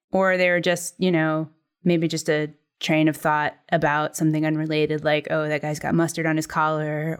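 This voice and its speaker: A woman hosts a casual podcast over a video call, her voice sitting on the lower side. She explains her ideas haltingly, with frequent laughter breaking in. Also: clean tone. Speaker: podcast host.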